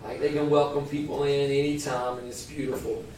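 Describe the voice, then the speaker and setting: A man teaching a small church group in a relaxed, conversational sermon, joking about himself now and then. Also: mid-range voice, fairly quick, a little hiss or hum. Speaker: pastor teaching a church class. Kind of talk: informal sermon. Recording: echoey room, voice from far off.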